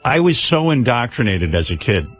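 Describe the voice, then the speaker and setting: A man's voice: mid-range voice, big pitch swings, moderate pace, soft background music. A man hosting a radio show, telling rambling self-mocking stories with lots of restarts. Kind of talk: casual radio talk.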